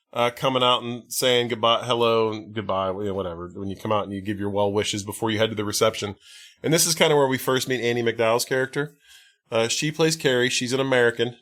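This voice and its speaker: A man's voice: medium pitch, a bit bright. Male podcast co-host, mid-range voice, loose and sardonic, swears freely while recapping a film. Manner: wry, profane, rambling recap with many fillers. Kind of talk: casual movie recap chat.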